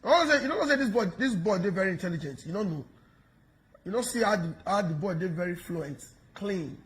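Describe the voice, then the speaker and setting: A Nigerian man giving mocking, animated commentary in pidgin, taunting and laughing as he talks. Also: sits high, brisk. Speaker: online commentator.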